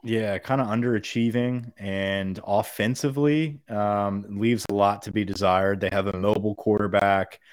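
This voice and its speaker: A man with a lowish voice talks through a college football game in loose podcast banter. He laughs easily and swears now and then. The close studio mic sounds dry. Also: steady tone, moderate pace, hardly any pauses, no echo. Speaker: podcast co-host. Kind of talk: casual sports chat.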